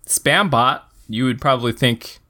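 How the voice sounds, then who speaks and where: A man's voice: medium pitch, measured pace, sharp tone. A man co-hosting a podcast, playful and enthusiastic, laughing often in casual banter. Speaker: podcast co-host.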